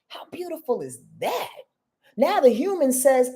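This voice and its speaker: A woman hosting a casual live-stream astrology reading, expressive and chatty, speaking straight to her viewers. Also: medium pitch, normal speed. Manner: expressive, talks straight to viewers, greets chat by name.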